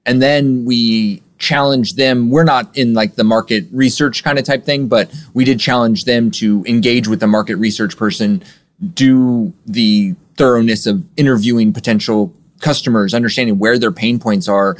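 A man who runs a software agency, answering interview questions in a relaxed, explanatory way with frequent fillers. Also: medium pitch, normal speed. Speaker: guest, software agency owner.

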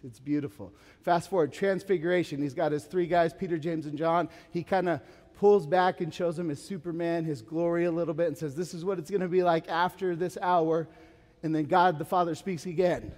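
Pastor, man, 30s, slightly high voice, animated sermon with casual asides, long hall reverb. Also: normal speed. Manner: animated, rising to urgent emphasis and dropping to quiet; conversational asides with casual fillers.

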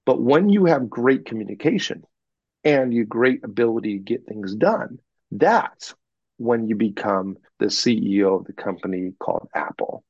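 A man working as a communication coach, telling animated stories about clients and acting out what they said in an interview. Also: mid-range voice, moderate pace, no echo, highs cut off. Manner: animated anecdotes, acts out clients in quoted voices. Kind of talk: podcast interview, storytelling.

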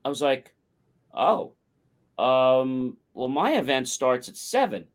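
Taking his time, a podcast co-host with a medium-pitched voice relates a long story from his own life on a talk show. It's casual storytelling, animated, with the quotes acted out.

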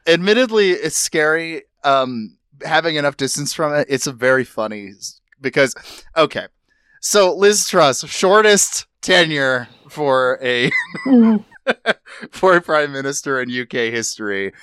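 A man from the UK co-hosting a podcast, making quick, dry jokes in casual chat. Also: fairly high pitch, expressive, fairly bright tone, smooth, no echo. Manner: dry, jokey, quick asides. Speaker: podcast co-host.

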